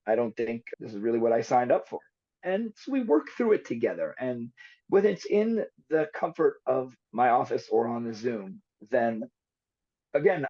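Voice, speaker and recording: Husky, animated psychologist explaining therapy. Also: male voice, mid-range voice. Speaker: psychologist guest. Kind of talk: podcast interview. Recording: dull lo-fi recording.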